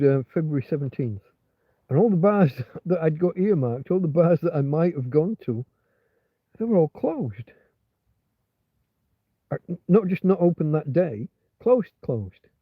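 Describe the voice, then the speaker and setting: A man's voice: on the high side, no room sound. A man hosting a rambling, casual livestream chat, meandering with many restarts and fillers. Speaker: livestream host. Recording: tinny phone-like sound.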